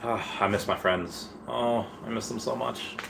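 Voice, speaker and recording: A man's voice: lowish voice, fairly even intonation, unhurried, gravelly, a bit bright, a little hiss or hum. A man in his thirties hosting a casual live stream, chatty, reading viewer messages aloud and rambling from topic to topic. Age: 30s.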